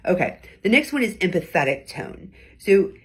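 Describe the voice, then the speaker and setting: A woman's voice: lowish voice, big pitch swings, moderate pace, slightly rough. A middle-aged woman hosting a weekly advice talk, speaking conversationally and acting out short examples of different tones. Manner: conversational, acts out tones in short quoted bits. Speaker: host giving weekly advice. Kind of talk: casual teaching talk to camera.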